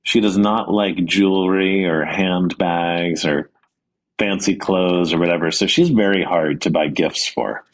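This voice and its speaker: Deep-voiced man telling a personal story. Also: fairly even intonation, a little slow. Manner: earnest, anecdotal, with frequent ums and restarts. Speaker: guest, author. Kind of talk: conversational interview storytelling.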